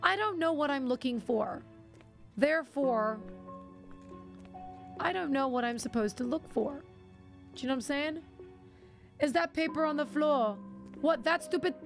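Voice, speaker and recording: Chatty woman streamer, pitched a bit high. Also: lively intonation, measured pace, creaky, long pauses, soft background music. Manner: chatty, talks to herself and chat, jokes with viewers. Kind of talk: casual gaming commentary. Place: home streaming setup.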